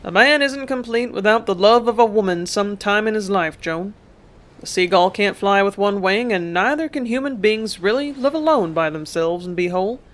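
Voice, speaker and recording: A reader voicing a blunt old sea captain. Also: male voice, sits high, normal speed, a bit bright. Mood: firm. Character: gruff middle-aged male ship captain, blunt.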